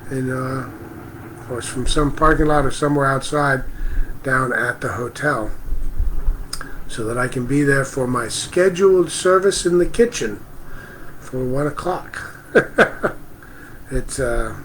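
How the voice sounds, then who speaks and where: A man hosting a spiritual livestream outdoors, speaking gently and greeting viewers by name. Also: mid-range voice, slight background noise, rough recording. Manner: slow, gentle, reads out viewer comments. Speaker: livestream host. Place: outdoors near a parking lot.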